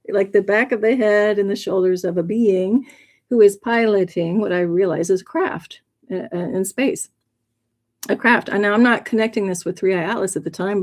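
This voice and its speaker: Rambling woman telling a personal story. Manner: rambling, many fillers and restarts; lively, jumps in pitch when excited. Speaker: livestream host. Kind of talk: casual storytelling monologue.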